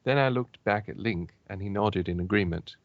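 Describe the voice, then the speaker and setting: A man's voice: lowish voice, moderate pace, no echo. A man hosting a comedic group reading of fanfiction, joking and laughing often, in a dull lo-fi recording. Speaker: fanfiction reading show host.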